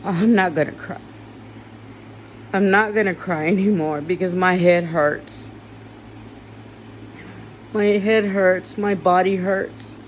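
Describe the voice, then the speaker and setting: A woman's voice: lowish voice, steady tone, slight background noise. A woman giving a raw personal confessional monologue, weary and emotional, with blunt swearing. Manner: slow, weary and emotional, turning bitter with swearing. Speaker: vlogger.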